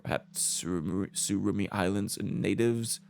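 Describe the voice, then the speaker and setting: A formal, explanatory scholar in a fantasy game, as a man reads his lines, with a gravelly voice. He lays out his points in steady, lecturing order. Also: deep voice, a little slow, faint music behind, voice pushed down.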